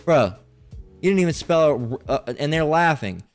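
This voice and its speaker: A man's voice: on the high side, expressive, soft background music. A man hosting a religious channel, reading viewer comments aloud and answering them in a profane, mocking, scolding way, stretching words out to preach. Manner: preachy, drawn-out emphasis.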